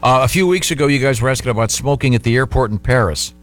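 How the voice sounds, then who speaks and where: A man's voice: mid-range voice, quick pace, faint music behind. A man hosting a morning radio show, chatting in a rambling, joking way and reading an ad. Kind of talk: casual morning radio chat and read ad.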